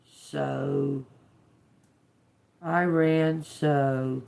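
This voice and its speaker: Lady on a live tarot stream, real slow, gravelly voice, says each word over and over. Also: sits low. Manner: slow, drawn-out, repeats words as she reads them. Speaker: tarot reader on a livestream. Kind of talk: casual livestream reading.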